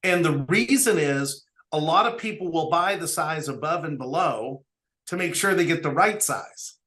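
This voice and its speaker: A man's voice: a little high, lively intonation, moderate pace, pushed and bright. A middle-aged businessman telling stories as an interview guest, earnestly quoting dialogue. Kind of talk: storytelling interview talk.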